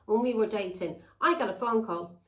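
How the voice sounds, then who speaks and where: A blunt woman rambles through a personal story to her viewers, swearing without a second thought. Her voice sits at an ordinary middle pitch. The room around her rings with a noticeable echo. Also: moderate pace, a bit bright. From England. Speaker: tarot reader.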